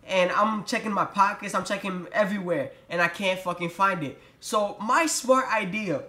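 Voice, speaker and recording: High-voiced, profane young New man. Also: pushed and bright. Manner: profane, exasperated ranting. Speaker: vlogger. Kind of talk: storytime vlog. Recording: roomy echo.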